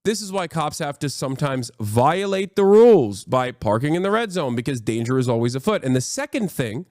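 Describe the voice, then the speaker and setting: Profane, animated male streamer. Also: on the high side, fairly quick, no echo, studio quality. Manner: profane, animated storytelling with fillers. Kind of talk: casual reaction commentary.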